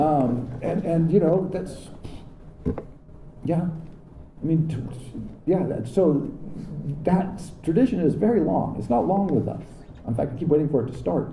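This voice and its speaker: A man's voice: fairly high pitch, animated, normal speed, echoey room. A man giving a casual philosophy lecture at a cidery, wry and sarcastic, with many restarts, heavily compressed recording with rain noise. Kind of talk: conversational public lecture. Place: cidery during heavy rain.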